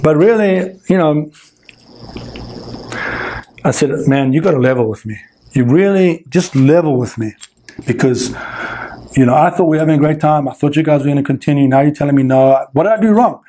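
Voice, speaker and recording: Middle-aged man, high-pitched, dive instructor type, spins an emphatic story full of acted-out dialogue and fillers. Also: brisk, long pauses, a little hiss or hum. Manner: animated, emphatic, acts out quoted dialogue; frequent fillers and repeated words. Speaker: scuba diving instructor. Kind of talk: storytelling anecdote.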